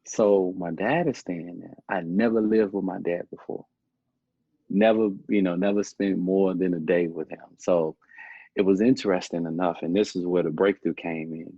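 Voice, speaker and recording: A man's voice: low voice, steady tone, moderate pace, mellow, breathy edge, no room sound. A young man from Chicago, a podcast guest, telling his life story in a rambling, casual way, repeating himself and often saying "man". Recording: muffled lo-fi podcast audio.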